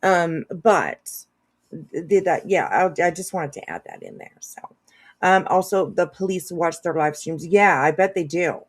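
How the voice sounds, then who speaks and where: A woman's voice: fairly low pitch, lively intonation, measured pace. A woman hosting a casual commentary video, rambling with lots of fillers and restarts. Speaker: commentary channel host.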